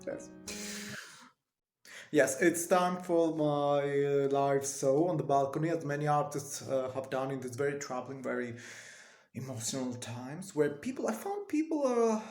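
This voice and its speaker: A man's voice: a little high, a little mellow. A man playing a pompous, rambling stage actor with a British accent, in a comedic mock interview monologue. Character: pompous washed-up male stage actor, middle-aged. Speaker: fictional actor being interviewed.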